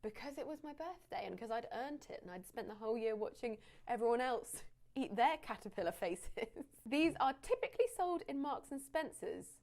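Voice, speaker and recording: A woman's voice: a little high, animated, normal speed, darkish tone. A woman with an English accent, who teaches English, presenting a list video in a chatty, wry way.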